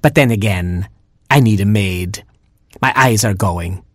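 A huge, bossy old female porcupine from a storybook, short-tempered and wheedling, voiced by a man. Her voice is low and husky, scolding the little trespassers, and sounds dry and close. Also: measured pace, fairly bright tone, no echo.

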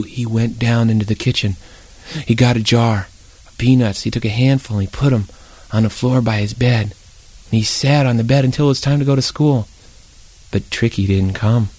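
A man telling a children's story aloud with lively, animated narration. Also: medium pitch, moderate pace, no room sound.

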